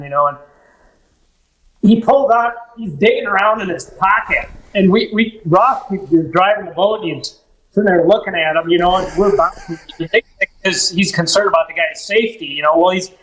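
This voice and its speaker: A man telling stories as a podcast guest and fishing guide, animated and full of restarts. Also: sits high, low-quality recording. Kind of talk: casual storytelling chat.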